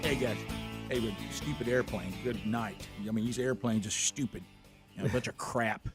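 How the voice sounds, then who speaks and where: Over music, a man with a mid-range voice hosts a radio show at normal speed, telling stories casually and animatedly acting out the people in them.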